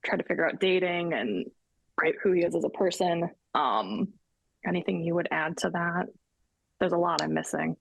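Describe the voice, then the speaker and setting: A woman guest, a counselor, speaking in a measured, slightly hesitant way in casual chat. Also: lowish voice, creaky, no room sound.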